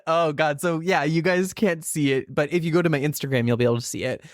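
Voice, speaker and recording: Playful woman podcast host, low voice. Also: fairly even intonation, no echo, studio quality. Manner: playful, jokey, quick asides. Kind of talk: casual podcast chat.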